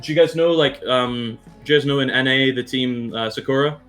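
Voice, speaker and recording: A man's voice: mid-range voice, steady tone, fairly quick, fairly bright tone, soft background music. Blunt man coaching a team. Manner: direct, blunt, swears, keeps checking in with "yeah?" and "okay?". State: has the hiccups. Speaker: esports coach. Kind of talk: team VOD review.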